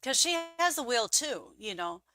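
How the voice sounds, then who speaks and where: A woman who is a guest on an interview show, telling her stories casually and acting out the quoted voices with big jumps in pitch. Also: very animated, moderate pace, sharp tone, no echo.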